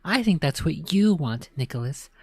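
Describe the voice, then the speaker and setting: A stern, harried mother from a spooky children's book, scolding her son in a low voice and close, dry sound, as a woman narrator reads her lines. She turns tearful when the bad news comes. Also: animated, normal speed, breathy edge, no echo, exaggerated voice. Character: upset, stern mother of a young boy.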